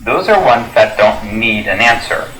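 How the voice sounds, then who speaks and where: Lively, bright-voiced man explaining grammar. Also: lowish voice, unhurried. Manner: clear, affirming, instructive. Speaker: explainer in a course audio dialogue. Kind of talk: scripted textbook dialogue. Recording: roomy echo.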